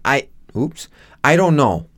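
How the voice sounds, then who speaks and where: Young man, lively pitch, jokey, laughs often, apologetic, casual movie chat. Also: slow pace. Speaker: podcast co-host.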